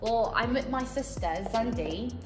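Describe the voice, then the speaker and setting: A south african woman doing a joke british accent, playful, loud, echoey, music behind. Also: a little high, animated, unhurried. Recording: echoey room with background music.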